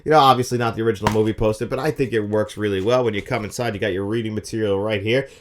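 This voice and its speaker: A man's voice: on the low side, fairly even intonation. A man in his thirties giving a casual, opinionated review of a film and its disc release. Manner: fast, enthusiastic, opinionated talk.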